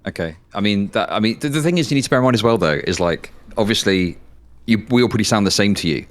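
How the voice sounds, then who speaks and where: An Englishman with an English accent and a slightly low voice argues his point in a brash, sweary way. He sounds like a streamer guest in casual debate, with faint keyboard typing heard behind him. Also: lively intonation, fast talker. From England.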